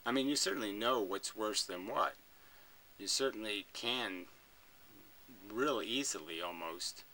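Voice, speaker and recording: Bright-voiced profane male commentator. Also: lowish voice, slight background noise, rough recording. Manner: profane, emphatic and argumentative. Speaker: video commentator. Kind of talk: reaction commentary.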